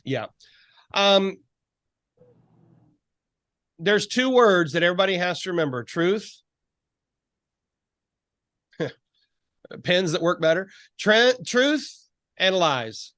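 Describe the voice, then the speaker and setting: Man, coach, encouraging, preacherly, somewhat high voice, dry sound. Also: very animated, slow, long pauses, a bit bright, no room sound. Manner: encouraging, preacherly, rhetorical questions. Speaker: life coach. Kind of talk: faith-based coaching call.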